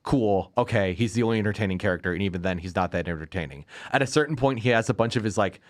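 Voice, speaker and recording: A man with a lowish voice talks quickly as he hosts a podcast, chatting casually about movies. His review is sarcastic and ranting, full of frequent laughter, and his delivery is lively and animated.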